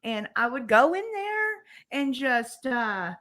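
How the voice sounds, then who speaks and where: A woman's voice: on the high side, big pitch swings, slow pace, fairly bright tone. A woman hosting a casual live talk, speaking frankly in plain, everyday grammar. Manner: plain-spoken, nonstandard grammar, frank about her past. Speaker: host of a recovery channel. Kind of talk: casual conversation on a live stream.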